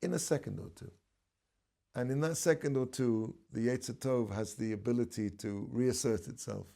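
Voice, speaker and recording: Rabbi lecturing a class, man with a mid-range, gravelly voice, relaxed and digressive. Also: mid-range voice, normal speed. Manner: relaxed, digressive storytelling, mixing in Hebrew terms. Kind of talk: conversational Torah lesson.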